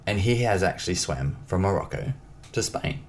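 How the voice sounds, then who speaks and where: Guy with a really low voice, guest on a chat show, animated storyteller. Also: normal speed. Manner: lively, acts out dialogue in his stories. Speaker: interview guest. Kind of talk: casual storytelling.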